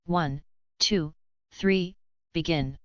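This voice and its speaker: A woman's voice: on the low side, drawn-out words, smooth, no room sound. A woman voicing a clever male rabbit trickster who coaxes and persuades, in a dull lo-fi recording. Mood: coaxing. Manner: coaxing, persuasive.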